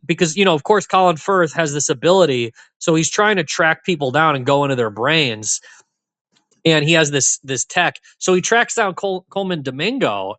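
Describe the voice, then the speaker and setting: A man's voice: a little high, a bit bright, no echo. Rambling podcast man, fillers everywhere. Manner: rambling, many fillers and restarts. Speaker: podcast co-host. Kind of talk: casual film discussion.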